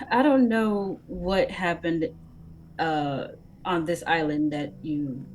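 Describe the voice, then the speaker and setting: A woman playing a kindly lizardfolk warrior in a tabletop game, talking earnestly and haltingly. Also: on the low side, a little hiss or hum, rough recording. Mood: comforting. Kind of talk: in-character role-play.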